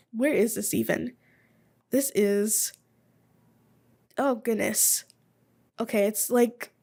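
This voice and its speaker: A woman in her twenties hosting a casual solo podcast, rambling and chatty, thinking out loud as she goes. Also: on the high side. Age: 20s. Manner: rambling, chatty, thinks aloud while looking things up. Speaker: podcast host.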